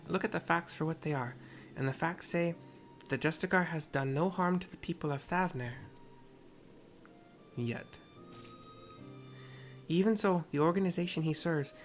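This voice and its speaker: A gamer voices an earnest young woman warrior who blames herself, reading her lines in a measured, serious way with a put-on mixed accent. The character's voice is low-pitched, though still higher than the performer's own.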